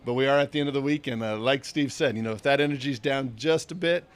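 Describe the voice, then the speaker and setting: A man co-hosts a live event broadcast in a measured, reflective voice. He speaks with a mentoring tone and takes his time to make each point. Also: mid-range voice. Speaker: co-host, event organizer.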